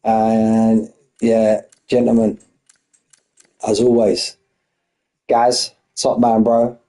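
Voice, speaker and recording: A man commentating a sim racing league race, excitable and out of breath, firing off shout-outs. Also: on the low side, drawn-out words, low-quality recording. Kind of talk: live esports race commentary.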